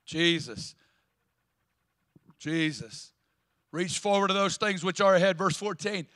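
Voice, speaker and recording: Male Southern US pastor, sermon in a church; high, bright, punchy delivery that swells into loud declarations. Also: animated, takes it slowly. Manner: emphatic preaching, building to loud declarations. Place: church sanctuary.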